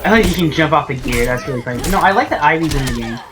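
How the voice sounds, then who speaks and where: A woman's voice: low-pitched, expressive, racing. A woman giving casual, chatty and opinionated commentary while playing a game. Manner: chatty, opinionated, many fillers. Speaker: gameplay commentator. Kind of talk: casual let's-play commentary. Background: game music.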